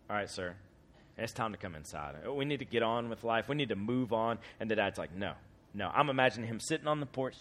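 A man in his thirties preaching a sermon, telling a story with acted-out voices and shouted peaks. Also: mid-range voice. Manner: animated storyteller, acts out voices, shouts at climaxes.

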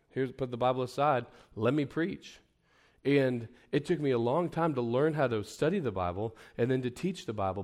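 A man leading an informal teaching session for preachers at a camp, talking conversationally with self-deprecating asides and frequent restarts. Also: medium pitch. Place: camp meeting room.

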